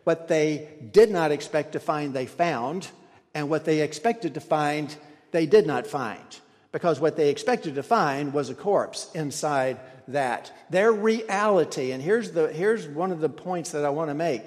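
A man gives a sermon in a church sanctuary, his voice sitting a little high. He explains the text step by step and often restarts his sentences. The sound carries a long hall reverb. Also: expressive, unhurried, darkish tone. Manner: explanatory, with frequent restarts and stumbles. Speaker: pastor.

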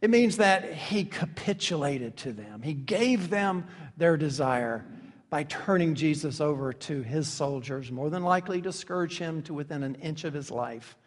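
A fairly high-voiced man preaching in a sanctuary with a long, ringing reverb behind him. He swings between loud, emphatic peaks and quiet, hushed asides. When he quotes figures he slips into sarcastic mock voices. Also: unhurried. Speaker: pastor. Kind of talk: sermon.

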